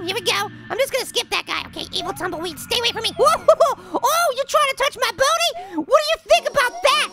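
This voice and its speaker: A man voicing a tiny, cocky male cartoon apple with a sped-up, pitched-up voice, giving brash, giggly game commentary. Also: gravelly, heavily acted. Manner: brash, giggly, trash-talking. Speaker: gameplay commentator. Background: game music.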